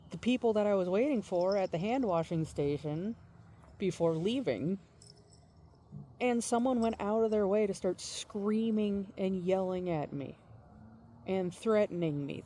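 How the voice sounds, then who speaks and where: Woman telling a story slow and halting, mellow kinda voice, stops to find words. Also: mid-range voice, slight background noise. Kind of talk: casual personal storytelling.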